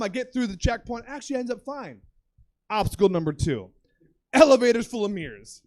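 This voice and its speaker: With a very high voice and a slightly fast pace, a young man does stand-up at a comedy club, telling a profane, animated tale punctuated by shouted impressions.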